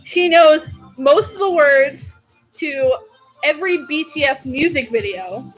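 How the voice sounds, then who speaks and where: A woman's voice: high-pitched, lively intonation, slow pace, faint music behind, poor audio. A young woman vlogging in a casual, chatty way, gushing and laughing often. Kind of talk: casual chat.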